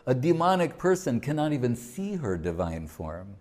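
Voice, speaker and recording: A man voicing a calm male saint who patiently explains a point of scripture. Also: medium pitch, moderate pace, close to an everyday voice. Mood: explaining.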